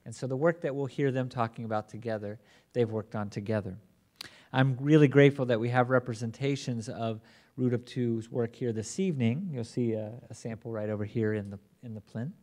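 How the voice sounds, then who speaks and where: A man acting as conference moderator, introducing the plenary speakers in a measured way with occasional restarts. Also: mid-range voice, mellow. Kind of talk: formal introduction.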